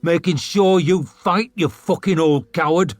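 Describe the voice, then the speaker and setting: A man's voice: on the high side, a little slow, no room sound, pitched above the performer's own voice, close to an everyday voice. A man voicing a stormy, foul-mouthed male warrior who snarls and splutters his contempt. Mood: scornful.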